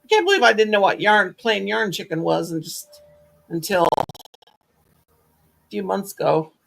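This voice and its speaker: An older woman hosts a crochet livestream, her voice gravelly with a creaky edge. She rambles through stories, doubling back and adding asides as she chats. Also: mid-range voice, expressive, moderate pace, a bit bright, slight background noise. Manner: rambling storyteller, full of restarts and asides. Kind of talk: casual livestream chat.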